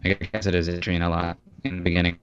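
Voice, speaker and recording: Very deep-voiced man on a muffled call. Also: level tone, fast, clear, resonant tone, no room sound. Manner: easygoing, joking. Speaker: voice actor guest. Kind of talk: casual interview chat. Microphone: online call.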